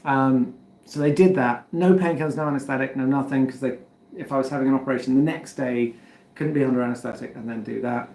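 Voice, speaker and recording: A man's voice: mid-range voice, quick pace, gravelly, darkish tone. A man with an English accent chatting casually to his livestream viewers, rambling and self-deprecating as he tells a story and fiddles with his setup. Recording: roomy echoey home recording.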